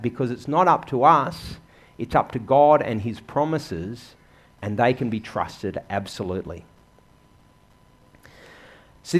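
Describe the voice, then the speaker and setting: A man preaching a sermon in a church, earnest and conversational, asking the congregation questions. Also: mid-range voice. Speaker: pastor.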